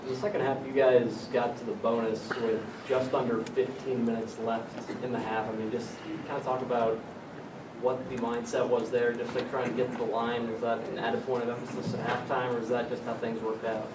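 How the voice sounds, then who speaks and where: A sports reporter asking a measured question at a press conference. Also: male voice, medium pitch, level tone. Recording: roomy echo, mic far off, background noise.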